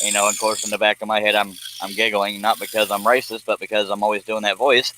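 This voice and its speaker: A man's voice: on the low side, flat delivery, quick pace, hardly any pauses, noisy background. A man from the United States, chatting casually with viewers on a live stream, joking and rambling off on tangents. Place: home streaming space.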